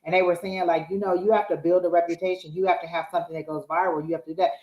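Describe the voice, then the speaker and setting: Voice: medium pitch, level tone, very fast, darkish tone. A live-stream co-host chatting casually, speaking emphatically and straight to the viewers. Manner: emphatic, addresses the viewers directly. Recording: roomy echo.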